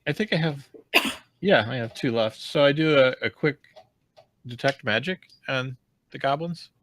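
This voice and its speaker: A man's voice: medium pitch, unhurried, a bit bright, a little hiss or hum. A man playing a tabletop role-playing game, speaking plainly and matter-of-factly. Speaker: player.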